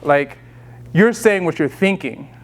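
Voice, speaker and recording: A man with a slightly high voice gives a relaxed talk on handling emotions. He speaks casually and keeps restarting his sentences and adding fillers as he explains each point. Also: unhurried. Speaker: speaker leading a self-care session.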